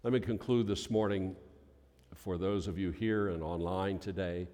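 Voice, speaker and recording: A male pastor telling a story in a sermon, in a folksy manner that builds to loud, emphatic peaks. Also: low voice, steady tone, moderate pace. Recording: long reverb of a large hall.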